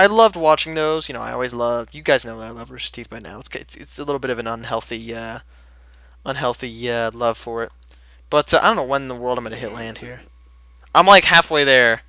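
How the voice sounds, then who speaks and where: Young man, late teens, chatty energetic game commentary, slightly high pitch, dry sound. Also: dry recording. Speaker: Let's Play host. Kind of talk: casual gameplay commentary.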